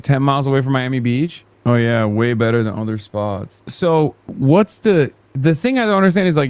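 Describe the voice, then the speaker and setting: A man's voice: mid-range voice, a little mellow, clean tone, dry recording. A man hosting a live stream, reacting to clips with casual, sarcastic, mocking commentary and swearing.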